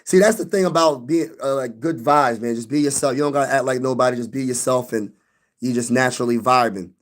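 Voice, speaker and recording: A man's voice: medium pitch, brisk. A young man hosting a sports live stream, venting loosely in slang and talking back to his chat.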